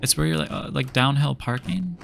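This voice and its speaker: Gravelly young man ranting mid-game. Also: mid-range voice, brisk, a little hiss or hum. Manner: rambling, exasperated, many fillers. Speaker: streamer. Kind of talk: casual storytelling while gaming.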